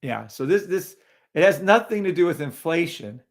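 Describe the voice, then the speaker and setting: Gravelly man hosting a live trading stream. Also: on the high side, expressive, moderate pace. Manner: incredulous, talks to chat viewers by name. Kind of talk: casual live-stream chart commentary.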